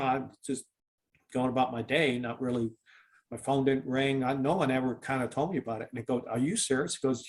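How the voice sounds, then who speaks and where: A man from Canada, a former football player, telling a long story in an interview, with many fillers and restarts and acted-out dialogue. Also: medium pitch. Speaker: former football kicker, guest.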